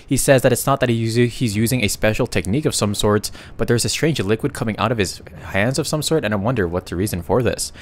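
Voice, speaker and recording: A man's voice: lowish voice, fast talker, hardly any pauses, slight background noise. A man narrating a comic story recap in a casual, slangy way, breaking off for joking asides to his viewers.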